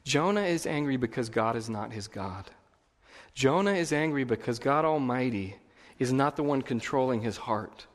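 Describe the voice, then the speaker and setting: A man preaching in a church, his voice carrying with a long hall reverb. He talks in a conversational way, then builds emphasis by repeating phrases. His pitch sits mid-range for a man. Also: animated, moderate pace. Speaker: pastor. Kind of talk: sermon.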